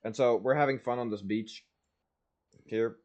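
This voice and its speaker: A young man streaming, telling a story casually and animatedly, jumping between loud bursts and low asides, full of "like". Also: a little slow, highs cut off. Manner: casual, peppered with "like" and "blah, blah".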